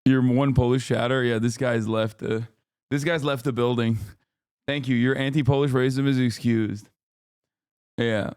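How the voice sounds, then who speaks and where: A man's voice: medium pitch, fairly even intonation, normal speed, darkish tone, clean tone, no echo, clean studio sound. Profane ranting male streamer. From lives in California. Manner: profane, ranting, laughs often. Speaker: livestream host. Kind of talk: casual livestream chat reacting to viewers.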